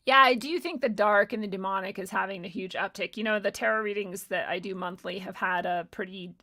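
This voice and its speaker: A young woman hosting a livestream, reading chat questions aloud and answering them in casual, profane, animated chat with frequent laughter. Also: medium pitch, a little fast.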